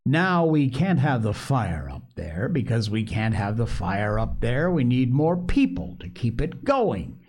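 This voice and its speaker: A man's voice: mid-range voice, sing-song, unhurried, hardly any pauses, a little mellow. A man voicing a young schoolboy who wheedles his friends into going along. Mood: persuading.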